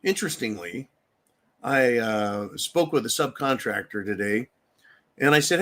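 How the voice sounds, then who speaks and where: A man's voice: mid-range voice, lively intonation, a little slow, pushed and bright. A man hosting a profane political rant, angry and mocking, with frequent swearing. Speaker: political commentary host.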